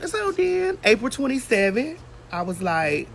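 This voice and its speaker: A woman's voice: a little high, big pitch swings, measured pace, vocal fry, a little hiss or hum. A woman hosting a casual phone livestream outdoors while getting her hair braided, telling a brash, profane story. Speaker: host.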